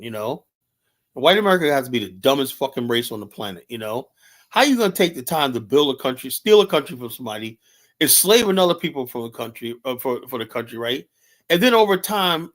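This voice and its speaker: A man's voice: mid-range voice, a bit bright. A man hosting a livestream, ranting in a heated, profane, rambling way with many restarts. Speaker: livestream host. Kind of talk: casual livestream rant. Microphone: streaming setup mic.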